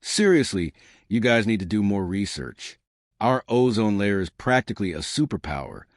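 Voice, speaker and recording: A man's voice: lowish voice, very animated, moderate pace, dry recording, studio quality. A man doing a breezy, laid-back official. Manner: casual, breezy, teasing. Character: laid-back easygoing man, head of alien relations.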